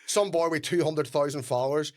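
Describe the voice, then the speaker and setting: A man's voice: fairly high pitch, a little fast. A young Irish man, a comedian co-hosting a podcast, ranting through stories in casual chat. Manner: animated ranting storyteller.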